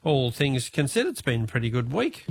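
Aussie radio quiz host, chatty and laughy, a bit gravelly, dead dry studio sound. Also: male voice, medium pitch, very animated, no room sound. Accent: Australian. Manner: jovial, chatty, quick to laugh. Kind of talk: talkback radio chat.

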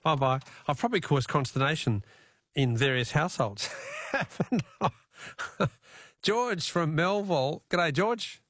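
An Australian man hosting a talkback radio quiz, chatty and quick to laugh, repeating his question to callers. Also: a little high, expressive, fairly bright tone, no echo, studio quality. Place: radio studio. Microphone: studio mic.

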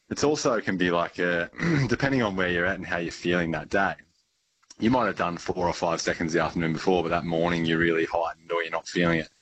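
A man, a breathwork teacher, explaining calmly and casually with frequent fillers. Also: low voice, a little hiss or hum, poor audio. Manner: calm, easygoing, with many fillers. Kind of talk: conversational explanation.

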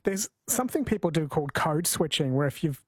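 A man co-hosting a casual talk show, relaxed and conversational, reading out listener comments. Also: fairly high pitch, fairly quick, breathy edge, dry recording, studio quality. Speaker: show co-host. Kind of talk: casual chat.

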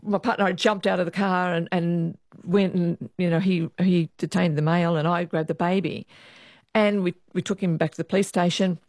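A woman, a former police officer, recounting her years on the job in a lively interview. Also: on the low side, moderate pace, no room sound, clean studio sound. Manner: lively storyteller, acts out quoted voices. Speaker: retired police officer, guest. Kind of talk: storytelling interview.

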